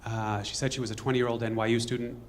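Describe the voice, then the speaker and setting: Fast-talking man telling a story on stage. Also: mid-range voice, flat delivery, a little hiss or hum. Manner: fast, conversational, with asides and reenacted dialogue. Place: stage before a live audience.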